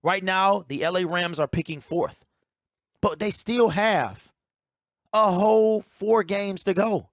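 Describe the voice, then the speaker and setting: A man's voice: high voice, takes it slowly, dry recording. A man giving opinionated sports talk as a commentator, emphatic and ranting, repeating his key points on a close mic.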